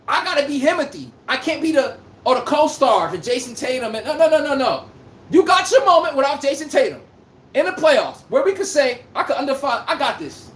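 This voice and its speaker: High, lively woman ranting in an echoey room. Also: a little hiss or hum. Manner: ranting, trash-talking, profane; reads out chat comments. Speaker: livestream host. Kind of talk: casual sports commentary livestream.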